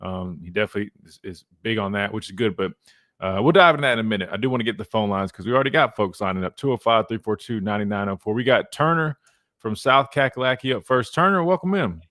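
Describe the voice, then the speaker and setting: A man's voice: lowish voice, expressive, quick pace, a bit bright, no echo. Brief: thirties male sports radio host, loose and chatty, dry close studio sound. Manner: laid-back, rambling, lots of "man". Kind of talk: casual sports talk. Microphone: studio mic.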